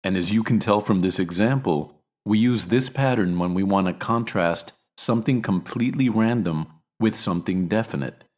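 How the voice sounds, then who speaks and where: A man with an American accent teaching a scripted pronunciation lesson, speaking clearly and repeating examples slowly. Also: on the low side, darkish tone. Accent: American English.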